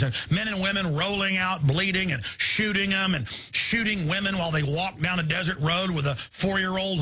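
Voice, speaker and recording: A man's voice: sits high, sharp tone, breathy edge. A male talk radio host delivering a rambling, indignant live monologue.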